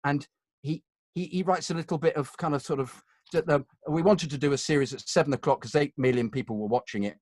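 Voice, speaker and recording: A man's voice: on the high side, fast talker, a little mellow. A middle-aged British man, a voiceover artist, telling chatty, self-mocking anecdotes and acting out the lines he quotes. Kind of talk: conversational anecdotes.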